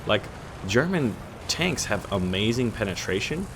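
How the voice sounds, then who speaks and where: A man's voice: lowish voice, very animated, a little slow, a bit bright, slight background noise. A man hosting a gaming channel, chatting casually over his gameplay in a rambling, joking way with lots of fillers and restarts.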